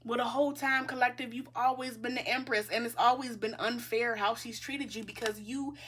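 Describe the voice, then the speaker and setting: A woman's voice: on the high side, steady tone, brisk, a bit bright, a little hiss or hum. A woman giving a tarot reading in a casual, chatty way. She speaks bluntly, swears freely and keeps addressing her listeners as the collective. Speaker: tarot reader.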